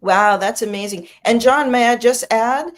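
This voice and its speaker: A middle-aged woman hosting a talk show, asking questions in a lively, playful way. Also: a little high, normal speed. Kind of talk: lively interview chat.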